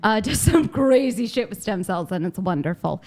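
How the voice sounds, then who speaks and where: A woman's voice: mid-range voice, very animated, normal speed, darkish tone. A woman hosting a casual live stream, reading odd news stories with lots of laughter and carefully explaining science.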